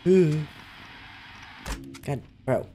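A man reacting out loud as he plays a horror game, jumpy and foul-mouthed, talking back to the game. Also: a little high, very slow, faint music behind. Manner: jumpy, swears a lot, talks back to the game. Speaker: gaming video creator. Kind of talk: live reactions while playing a horror game.

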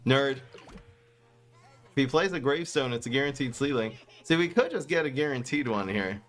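A man giving casual commentary as he plays a card game, swinging between low muttering and exasperated outbursts. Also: lively intonation, normal speed, fairly bright tone, faint music behind. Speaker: gaming streamer.

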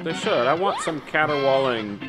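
Male co-host, wry rambling jokes, lively pitch, film music loud behind. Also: moderate pace. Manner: wry, rambling, laughs often. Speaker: co-host of a movie-riffing show. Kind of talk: casual joking commentary.

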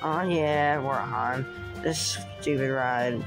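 A man casually narrating a plush skit, excitable and breaking into whoops and cheers. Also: a little high, measured pace. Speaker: plush video maker. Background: music.

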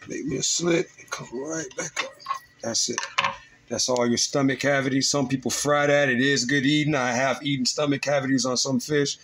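A man's voice: mid-range voice, moderate pace, a little hiss or hum, low-quality recording. A man hosting his show, walking viewers step by step through filleting fish in his kitchen. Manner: steady step-by-step instruction to viewers. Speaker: fishing show host. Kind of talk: cooking demonstration. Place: home kitchen.

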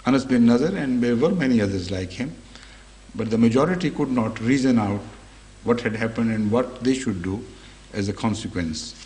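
A man giving unscripted religious commentary on a scripture verse, speaking in a measured way with frequent pauses, fillers and self-corrections. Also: mid-range voice, darkish tone. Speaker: religious scholar explaining a Quran verse.

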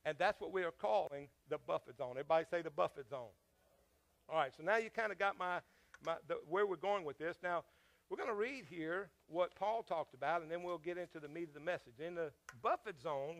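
A man's voice: high-pitched, brisk, a bit bright. A man preaching a sermon as pastor, telling a personal story in a conversational way, with frequent fillers and questions to the congregation.

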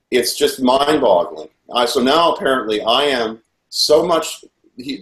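A man as an interview guest, telling a personal story in an earnest, rambling way with frequent restarts. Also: on the low side. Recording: roomy echo.

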